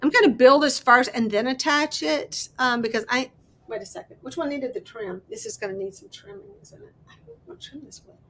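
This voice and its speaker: A high-pitched woman with a bright, forceful voice hosts a casual crafting livestream. She chats away, thinks aloud as she works, and greets viewers by name. She sounds sleep-deprived. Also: animated, fairly quick, vocal fry, a little hiss or hum. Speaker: host of a miniatures crafting livestream.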